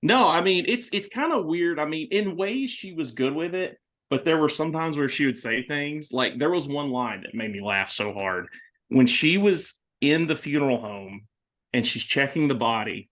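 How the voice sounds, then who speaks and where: A man hosting a horror movie podcast, talking casually and excitedly with many restarts. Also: a little high, normal speed. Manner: rambling, animated, many restarts. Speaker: podcast host. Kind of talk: casual movie review chat.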